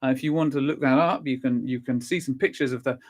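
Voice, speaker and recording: A cheerful man leading a vocal warm-up lesson, counting through the exercises and encouraging the listener, a little stuffy from a cold. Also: mid-range voice, fairly even intonation, fast. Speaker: singing and vocal warm-up teacher.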